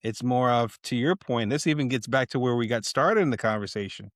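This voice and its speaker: A man's voice: medium pitch, a little fast, no echo, clean studio sound. A man hosting an interview podcast, speaking reflectively with loose phrasing. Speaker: podcast host. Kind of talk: interview conversation.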